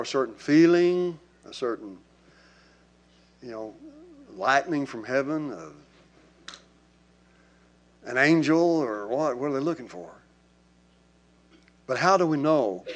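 A man preaching a sermon to his congregation in a church. He talks in an emphatic, conversational way and calls out to the people in front of him. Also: mid-range voice. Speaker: pastor.

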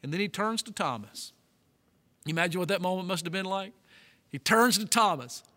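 A male pastor preaching a sermon, emphatic, slowing down and stretching key words. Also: sits high, lively intonation, sharp tone. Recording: long reverb of a large hall.

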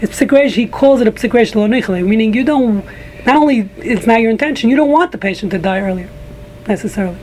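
A man's voice: high-pitched, fast talker, a little mellow, a little hiss or hum, low-quality recording. A man teaching a casual group Talmud class, rambling with frequent restarts and joking asides to a small room of listeners.

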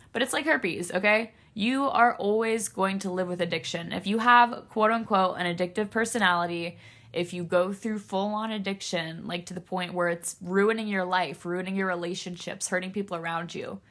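A young woman hosting a solo podcast speaks straight to her listeners, earnest, emotional and close to tears. Her voice is mid-range and fairly bright.

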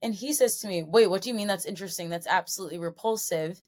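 A woman's voice: medium pitch, fast talker, a little mellow. A woman in her twenties hosting a solo podcast, a little tipsy, telling a long story in a chatty, rambling way with self-corrections. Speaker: podcast host.

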